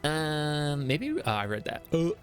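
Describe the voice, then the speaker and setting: A man's voice: fairly high pitch, big pitch swings, takes it slowly, soft background music. Rambling male streamer explaining game lore. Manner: reads chat aloud and greets viewers. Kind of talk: casual live-stream chat.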